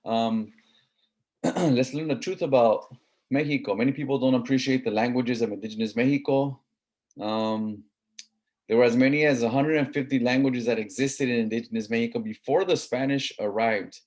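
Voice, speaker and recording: A man's voice: medium pitch, normal speed, darkish tone. A man with a Southern Californian accent giving a classroom lecture in a conversational way, often checking in with "right?". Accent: Southern Californian English.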